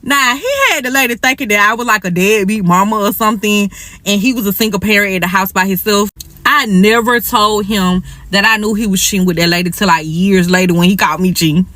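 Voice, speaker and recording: A woman's voice: mid-range voice, steady tone, fairly quick, bright, forceful tone, dry recording. A young woman telling a personal story in a frank, breezy, slangy way. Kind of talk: casual storytime.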